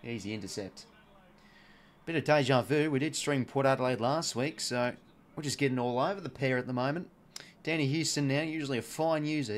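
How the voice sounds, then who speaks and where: An Australian man hosting a live football watch-along, commentating casually and chatting with viewers. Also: medium pitch. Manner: chatty, reads chat aloud, excited on goals. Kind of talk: casual play-by-play commentary and chat.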